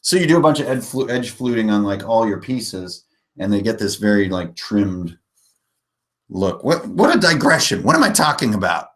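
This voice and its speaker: A man's voice: lowish voice, very animated, moderate pace, a bit bright. A man in his forties hosting a live stream, chatting casually and rambling with jokes and self-mocking laughs. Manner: rambling, jokey, often laughing at himself. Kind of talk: casual live chat about tabletop gaming.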